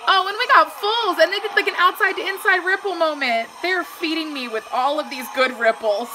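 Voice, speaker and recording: A woman reacting to a cheer routine on her vlog, gushing and excitable and saying "like" a lot. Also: very high voice, brisk, background noise. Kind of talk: casual video reaction.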